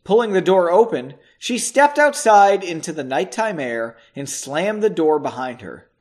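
A man's voice: sits high, sing-song, unhurried, darkish tone. A man reading a novel chapter aloud, with casual asides in between. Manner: chatty asides, swears and laughs between passages. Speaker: audiobook reader.

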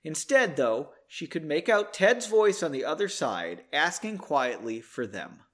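A man's voice: on the high side, sing-song, unhurried, a bit bright. A man hosting a podcast, casually reading a story aloud and breaking off for joking, self-deprecating asides.

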